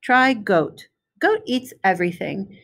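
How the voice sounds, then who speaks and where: A woman voicing a helpful male woodchuck in a storybook reading, quick to offer advice. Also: mid-range voice, sing-song, gravelly, heavily acted.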